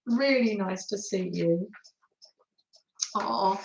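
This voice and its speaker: An older woman, hosting a craft livestream and chatting warmly to viewers by name as she reads their comments. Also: medium pitch, expressive, unhurried, creaky, pauses often, roomy sound, slight background noise, rough recording.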